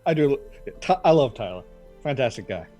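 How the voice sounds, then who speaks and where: A man's voice: medium pitch, very animated, normal speed, mellow, soft background music. A man who is a player in a tabletop game, chatting casually with short replies and frequent laughs. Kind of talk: casual chat.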